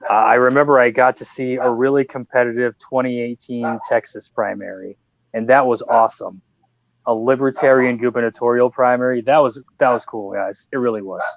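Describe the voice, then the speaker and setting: Man, podcast host, casual chat, animated and joking, video call, dry, dull lo-fi audio. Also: medium pitch, fairly quick, creaky, no room sound.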